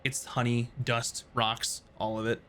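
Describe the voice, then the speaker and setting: Acting as game master for a tabletop game, a man describes scenes in a relaxed, rambling way, using many fillers. He speaks at a medium pitch and a little slowly.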